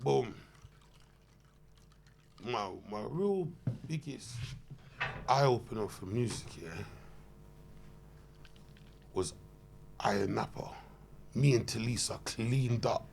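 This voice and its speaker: A man, telling loud, slang-heavy, swearing stories as a podcast guest. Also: medium pitch, expressive, slow pace, gravelly, pauses often, a little hiss or hum. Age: 30s. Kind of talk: animated anecdote telling.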